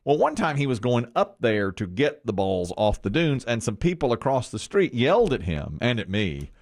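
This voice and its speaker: A middle-aged man co-hosting a morning radio show, telling a family story with lively laughter. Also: mid-range voice, moderate pace. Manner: animated storytelling, laughing at his own story. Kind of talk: casual morning show chat.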